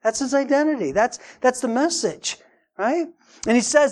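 A woman's voice: high voice, animated, normal speed, a little mellow. A woman preaching a sermon in an emphatic, casual way, often repeating her words as she builds a point.

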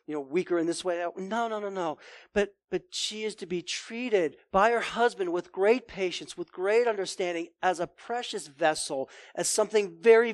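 High-voiced man preaching with dry sound. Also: no room sound. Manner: earnest preaching, emphatic on key words. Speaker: pastor. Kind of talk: sermon.

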